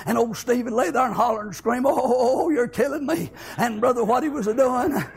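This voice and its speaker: A male preacher, telling stories in a fervent sermon that builds to impassioned shouting. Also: very high voice, fast talker, vocal fry, husky.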